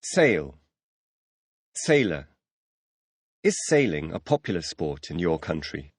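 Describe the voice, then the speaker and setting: A man's voice: deep voice, very animated, slow pace, breathy edge, no room sound, studio quality. A man reading the teacher's questions in a scripted audio language lesson, announcing new words between questions.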